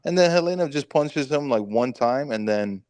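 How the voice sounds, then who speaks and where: Profane, animated man retelling a movie. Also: medium pitch, dry recording. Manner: animated, profane storytelling with quick mock quotes. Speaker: podcast co-host. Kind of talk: casual movie review chat.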